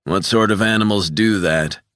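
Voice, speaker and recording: A man voices an indignant old barfly in an audiobook. He grumbles over the news in a low, bright voice. The recording is close and dry. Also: fairly quick, dry recording.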